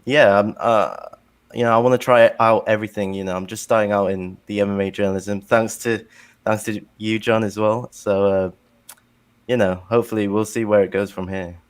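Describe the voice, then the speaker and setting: A man's voice: on the low side, steady tone, brisk, clean tone. A British man as a podcast guest, modest and a little nervous, hesitating with fillers. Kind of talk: casual chat.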